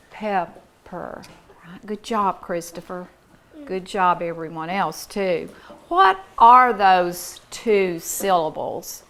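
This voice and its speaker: Sounding out words for young pupils, a woman teacher runs a classroom phonics lesson with an encouraging, deliberate manner. Her voice is mid-range and a bit bright.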